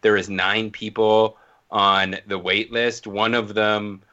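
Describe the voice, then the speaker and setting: A man's voice: on the low side, level tone, takes it slowly, bright, forceful tone. A man hosting a podcast, talking in an upbeat, informal way. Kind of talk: casual chat. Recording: dull lo-fi audio.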